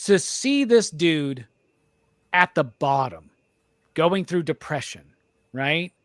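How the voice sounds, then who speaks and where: A man hosting a podcast, talking excitedly and profanely in a rambling film review. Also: fairly high pitch, slow, dry recording, clean studio sound. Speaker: podcast host. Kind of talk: casual film review chat.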